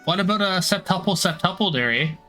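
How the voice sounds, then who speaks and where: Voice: medium pitch, animated, fairly quick, pushed and bright, soft background music. A streamer putting on an exaggerated Canadian accent as a folksy, over-friendly guy who tags every line with "there" and "eh". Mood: folksy teasing. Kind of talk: joking voice while livestreaming a game.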